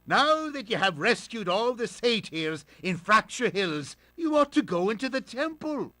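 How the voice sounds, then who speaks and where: A jolly male satyr with a put-on Irish lilt, high and bouncing all over the scale, as a man hams it up. His voice is bright and cartoonish, like a cheerful game character giving directions. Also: sing-song, a little slow, heavily acted.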